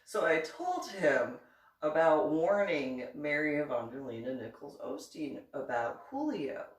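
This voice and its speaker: A woman storyteller chuckling her way through a comic tale from her own life, acting out everyone in it. Her pitch swings in lively leaps while she unhurriedly takes her time. She sits back from the mic in a roomy, echoing space. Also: unhurried, recorded from a distance. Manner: laughs often, acts out each person. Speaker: reverend and vlogger.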